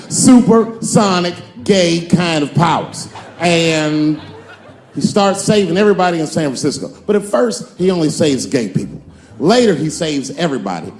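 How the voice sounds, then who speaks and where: A man doing a stand-up set, telling a long story in a fairly high voice. He keeps switching into shrill, acted voices for the people in it. Faint music plays underneath. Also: a little mellow. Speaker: stand-up comedian.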